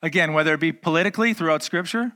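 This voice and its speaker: A man's voice: on the high side, racing, pushed and bright. A male pastor preaching a conversational sermon, acting out dialogue with humor.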